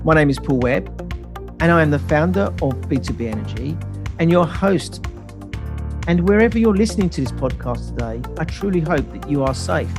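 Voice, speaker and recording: A man's voice: fairly high pitch, lively intonation, moderate pace, music in the background. A man hosting a podcast interview, reading a scripted intro and then asking chatty questions. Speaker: podcast host.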